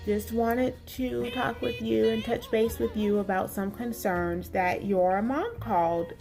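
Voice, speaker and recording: A woman mimicking a soft-spoken polite office assistant. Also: a little high, steady tone, vocal fry, music in the background. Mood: polite, measured. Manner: soft, measured, hesitant with fillers. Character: polite, careful female medical office assistant.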